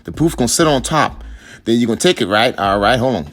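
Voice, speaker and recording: A man's voice: medium pitch, animated, fast talker, a bit bright. A man giving playful, teasing voice-over commentary on his wife's hair tutorial, coaxing and joking as he goes.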